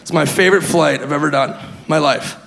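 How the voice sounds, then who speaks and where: A man doing stand-up, telling a story in an animated, self-mocking way and laughing at his own lines. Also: fairly high pitch, brisk, vocal fry. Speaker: stand-up comedian. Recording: live hall reverb, faint noise.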